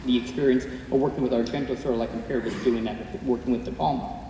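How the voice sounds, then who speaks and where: A man's voice: medium pitch, fairly even intonation, fast, mellow. A man from the audience asking long, rambling questions full of "like" and "you know" at a cinema Q&A. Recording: echoey hall from far off, faint room noise.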